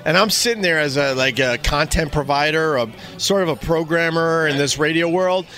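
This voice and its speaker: A man's voice: a little high, normal speed, pushed and bright. A man who hosts radio and podcasts, chatting in a playful, joking way. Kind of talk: casual chat.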